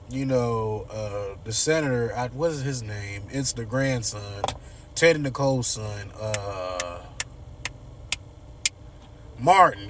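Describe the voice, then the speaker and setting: A man's voice: medium pitch, far from the mic, slight background noise. A man casually recapping a TV episode in loose, slangy storytelling. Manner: loose slangy storytelling, acts out characters' lines. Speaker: TV episode reviewer.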